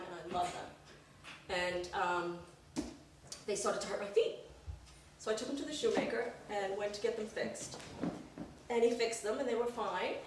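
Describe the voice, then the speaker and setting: Brief: expressive middle-aged woman telling a funny story live, distant mic, big reverberant room. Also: mid-range voice, a little hiss or hum. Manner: animated, acts out voices. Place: performance room. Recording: echoey room from far off.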